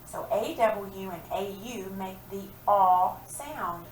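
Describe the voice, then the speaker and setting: A woman's voice: medium pitch, expressive, far from the mic, slight background noise. A woman teaching children a reading and phonics lesson, patiently drawing out words and sounds. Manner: slow, patient, stretched-out sounds for young learners. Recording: echoey room, voice from off-mic.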